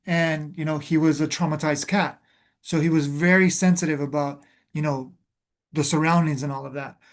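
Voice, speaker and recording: A man's voice: fairly high pitch, fairly even intonation, normal speed. A man hosting a reflective spiritual conversation, speaking earnestly and calling the listener "beloved", often restarting his phrases as he searches for words.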